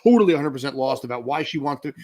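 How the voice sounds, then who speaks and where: A man's voice: mid-range voice, animated, very fast, over a noisy crowd. A man in his forties co-hosting a podcast, talking in a rambling, sarcastic way that keeps cutting itself off. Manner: rambling, self-interrupting, sarcastic. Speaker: podcast co-host. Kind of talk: casual chat.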